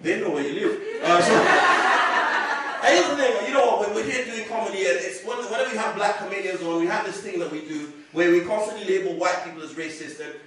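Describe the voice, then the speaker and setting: High-voiced man doing stand-up, echoey club. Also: brisk, bright, forceful tone. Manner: chatty, teasing, laughing through the jokes. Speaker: stand-up comedian. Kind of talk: stand-up comedy. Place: comedy club stage. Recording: echoey room from far off with crowd. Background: audience laughter.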